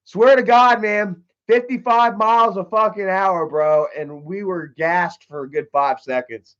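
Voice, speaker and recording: A man's voice: high-pitched, a little slow, fairly bright tone. A young man on a livestream, telling loose, profane stories in a slightly raised voice. The audio is dull and lo-fi, like a cheap stream mic. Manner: swearing, laid-back storytelling. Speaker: livestream host. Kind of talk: casual storytelling livestream.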